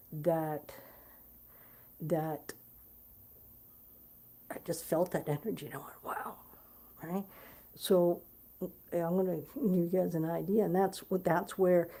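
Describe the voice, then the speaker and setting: A woman's voice: lowish voice, creaky, dark tone. A woman musician talking casually to her viewers, rambling and earnest, with many fillers and restarts. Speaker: musician promoting her concert. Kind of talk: casual talk to camera.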